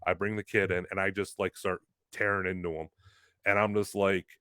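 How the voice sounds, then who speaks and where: A man's voice: low-pitched, level tone, moderate pace, pushed and bright, dry recording, clean studio sound. A man, a wrestler from Western New York, telling a story on a talk show in a casual, rambling way with lots of "like". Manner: rambling, heavy use of "like". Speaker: guest, pro wrestler.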